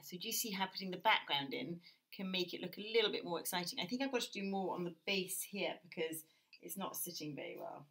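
A woman with a British accent teaching a drawing lesson, talking gently and thinking aloud as she works. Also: on the low side. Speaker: art teacher. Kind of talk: drawing lesson while working.

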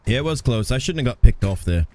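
A man with a mid-range, dark-toned voice talks fast and animatedly to his live chat while playing a shooter, laughing often. Gunfire, game sounds, and game music fill the background.

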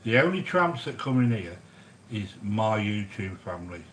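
A man's voice: lowish voice, sing-song, normal speed, fairly bright tone, a little hiss or hum, low-quality recording. A middle-aged man, chatting casually with viewers while cooking a curry on a livestream. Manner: chatty, matey, calls viewers sweetheart. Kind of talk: casual chat.

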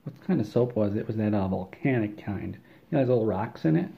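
Deadpan guy rambling through a silly story, lowish voice, muffled lo-fi sound. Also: quick pace, vocal fry. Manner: deadpan, rambling, repeats words. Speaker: comedic storyteller. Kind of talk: absurd comedic monologue.

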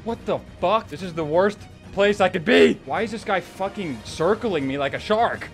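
A young man giving casual, profane commentary over his own gameplay, swinging from muttering to yelling. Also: sits high, moderate pace, creaky, faint music behind. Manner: profane, excitable, frequent yelling. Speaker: gaming YouTuber.

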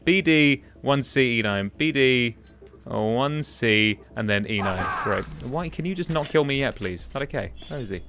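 A man's voice: mid-range voice, expressive, moderate pace, background noise. A young man giving chatty, exasperated commentary while playing a game. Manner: chatty, exasperated, muttering to himself. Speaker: gaming commentator. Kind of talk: casual let's-play commentary.

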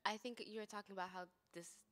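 A young adult woman co-hosting a radio chat, expressive and talkative. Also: medium pitch, fast. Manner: expressive, emotional, chatty. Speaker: radio co-host. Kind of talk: casual chat. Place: radio studio.

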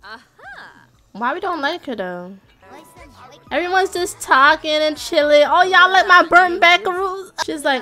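A young woman giving casual, chatty let's-play commentary, talking straight to her viewers with excited squeals. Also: high-pitched, slow, long pauses, soft background music. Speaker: gaming YouTuber.

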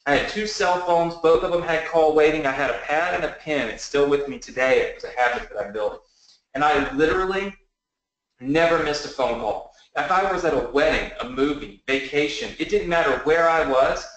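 An earnest man in his early thirties tells his rise-from-nothing business story as a motivational pitch, often asking listeners to agree. His voice sits slightly high. It rings out in a very echoey room. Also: moderate pace, a bit bright. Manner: earnest storytelling, often asks the audience for a yes. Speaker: online business presenter.

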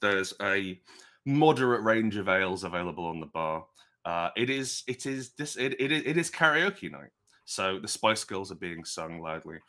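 A man's voice: deep voice, animated, normal speed, bright, forceful tone. A man narrating as game master of a tabletop game, rambling and chatty with many restarts.

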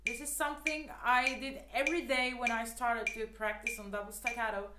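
A woman's voice: on the high side, fairly even intonation, a little fast, echoey room, heavy background noise. A woman teaching the clarinet in a casual, chatty way, with lots of fillers and earnest, repeated advice. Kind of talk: casual spoken tutorial.

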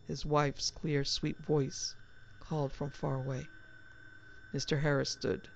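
A woman reading a horror story aloud in a measured, dramatic narration. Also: low voice, little pitch movement, creaky, slight background noise. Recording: slightly dull, dry recording.

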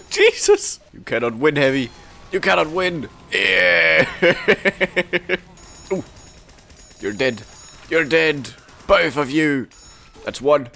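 Young guy yelling and laughing through a match, gravelly, bright voice that jumps all over. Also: fairly high pitch, extremely slow, long pauses. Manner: excitable, laughs often, talks to other players. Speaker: gameplay commentator. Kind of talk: casual game commentary.

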